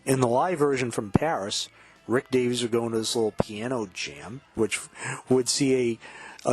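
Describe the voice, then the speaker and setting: A man hosting a music show, chatting casually about an album, often quoting and humming lyrics with excitement. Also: mid-range voice, husky. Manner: quotes and hums lyrics while explaining, excitable. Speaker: podcast host.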